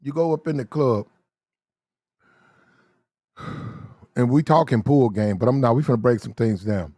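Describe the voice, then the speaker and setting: A man giving blunt, slang-heavy dating advice in casual talk, drawing out his words slowly when he lists details. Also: mid-range voice, darkish tone, no echo, studio quality.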